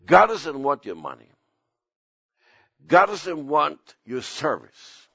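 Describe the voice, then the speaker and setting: An older man, a pastor, preaching an impassioned sermon whose pitch climbs suddenly at its peaks. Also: big pitch swings, slow, pauses often, fairly bright tone, dry recording, highs cut off.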